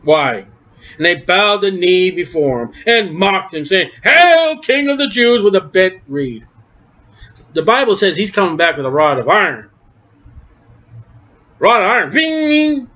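Impassioned high-voiced male preacher. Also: big pitch swings, unhurried, pauses often. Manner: impassioned, swinging from low murmurs to shouts. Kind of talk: sermon. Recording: dull lo-fi recording.

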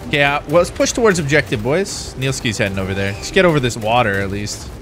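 A man hosting a casual co-op gaming session, laid-back and swearing, getting loud and excited at big moments. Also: medium pitch, fast. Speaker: gaming channel host. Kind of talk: casual co-op gameplay chat. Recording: game music underneath.

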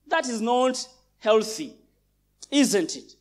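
A man's voice: high voice, animated, a little slow, a little mellow. A male pastor from Uganda preaching a sermon in a large church, emphatic and repeating phrases for stress.

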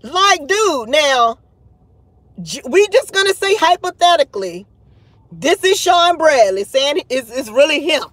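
A woman's voice: high voice, expressive, a little slow, fairly bright tone, no room sound. A woman hosting a livestream of gossip commentary, dramatic and exasperated, talking straight to her viewers with sighs, laughs and casual swearing. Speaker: channel host.

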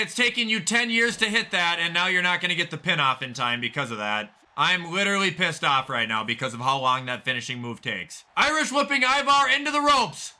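A young man calling his own wrestling video game like a play-by-play announcer, yelling at the big moves and swearing about the game between calls. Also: sits high, sing-song, brisk, hardly any pauses. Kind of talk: excitable play-by-play commentary.

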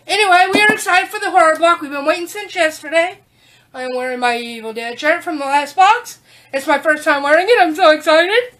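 A woman's voice: sits high, a little fast, a bit bright. A woman chatting casually while unboxing a package, breaking off to coax her dog. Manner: chatty, talks baby-talk to her dog. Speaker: unboxing vlogger.

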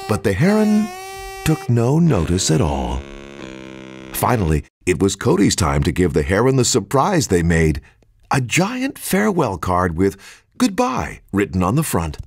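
A man reads a children's story aloud, his voice swooping widely from low to high in a sing-song way. There is a gravelly edge in the low notes. Soft music plays clearly behind him. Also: measured pace, dry recording. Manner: warm, expressive, sing-song read-aloud.

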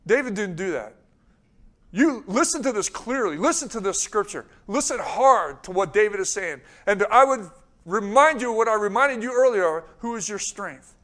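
A high-pitched man preaching in a church sermon. He presses his points with urgent repetition and reads scripture aloud with rising, emphatic force. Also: expressive, normal speed, fairly bright tone. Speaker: pastor.

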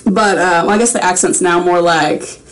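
A woman's voice: lowish voice, fairly even intonation, moderate pace, poor audio. A young woman chatting casually on a livestream while signing autographs, rambling and self-aware.

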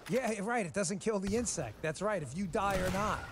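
Man, host, from Texas, emphatic ranting commentary, slightly high voice, faint background noise. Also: expressive, moderate pace. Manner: frustrated, emphatic, repeats himself. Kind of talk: political commentary over gameplay.

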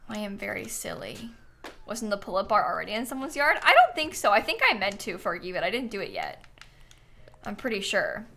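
A woman's voice: medium pitch, sing-song, a little fast, gravelly, bright, forceful tone. A young woman livestreaming a game, chatting casually and thinking aloud, sleepy and yawning as she thanks viewers. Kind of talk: casual gaming stream chat.

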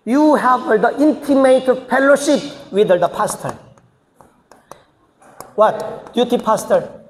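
This senior pastor's voice is extremely high, expressive, and slow as he teaches church leaders during a seminar sermon. He speaks in emphatic, choppy phrases that climb into bursts, and the sound carries hall reverb.

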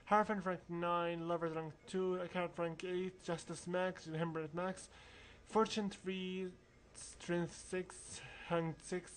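A man's voice: high-pitched, level tone, takes it slowly, hardly any pauses, slight background noise. A man giving casual, rambling commentary over a role-playing game walkthrough, mumbling through asides. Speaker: let's play narrator.

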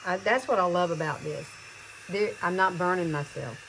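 A woman over fifty chatting excitedly to viewers as she curls her hair, in a casual tutorial. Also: lowish voice, normal speed, gravelly, a little hiss or hum, rough recording. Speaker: beauty vlogger.

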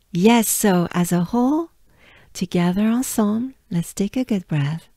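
Slow, patient French woman coaching pronunciation. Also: mid-range voice, dark tone, dry recording, studio quality. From France. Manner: patient, drills sounds syllable by syllable.

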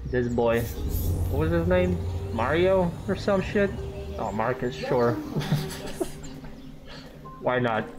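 A man giving casual, joking gameplay commentary, swearing and reacting loudly while he plays. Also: mid-range voice, animated, extremely slow, pauses often. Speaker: gaming YouTuber. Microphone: scuffed mic. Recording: game music behind.

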